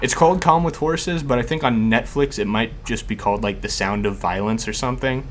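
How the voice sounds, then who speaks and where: A man's voice: medium pitch, brisk, a little hiss or hum. A man hosting a podcast in casual chat, chatty, laughing often and filling with "like". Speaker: podcast host.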